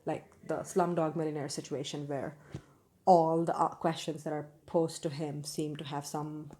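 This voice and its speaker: A woman's voice: deep voice, little pitch movement, moderate pace, mellow. A young woman giving a casual, candid book review, opinionated and full of fillers and restarts.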